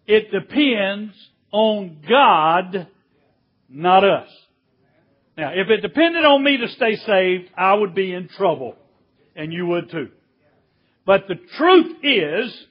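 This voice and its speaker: A man preaching a sermon, slow and emphatic, drawing out key words. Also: sits high, muffled recording.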